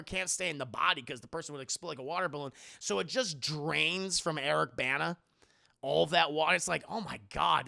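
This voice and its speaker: A man's voice: on the high side, creaky. A man casually recapping a movie to his live chat, sarcastic and profane. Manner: sarcastic, profane, lively storytelling. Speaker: movie reviewer, streamer. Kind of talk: casual spoiler review chatting to a live chat.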